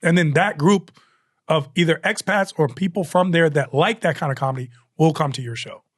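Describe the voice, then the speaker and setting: A male comedian chatting as a guest, lively and loose, tossing in asides and restarting sentences as he goes. His voice sits a little above the usual male range. The sound is close and dry, with no room echo. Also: on the high side, a little fast. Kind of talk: casual storytelling chat.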